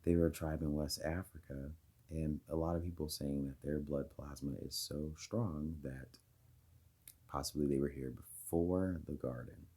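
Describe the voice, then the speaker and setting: A man's voice: rumbling low, fairly even intonation, moderate pace, dark tone, breathy edge. A man talking casually to his viewers, rambling through ideas with many fillers and restarts. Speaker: video host. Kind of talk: casual monologue to camera.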